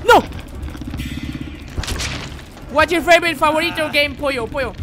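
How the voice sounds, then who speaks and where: Excitable high-voiced swearing woman streamer. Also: quick pace, background noise. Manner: excitable, swearing, yelling at teammates. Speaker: streamer playing a game. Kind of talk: live game commentary.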